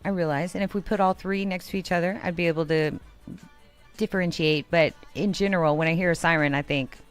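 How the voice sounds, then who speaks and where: A woman's voice: lowish voice, steady tone, fast, clear, resonant tone, soft background music. A woman with a Texan accent co-hosting a casual chat show, giggly and prone to wheezing laughter. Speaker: co-host.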